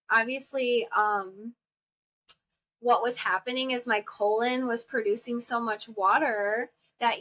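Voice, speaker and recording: Bright-voiced chatty young woman. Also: a little high. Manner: chatty, lots of fillers, exclaims. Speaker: podcast host. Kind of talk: casual storytelling to listeners.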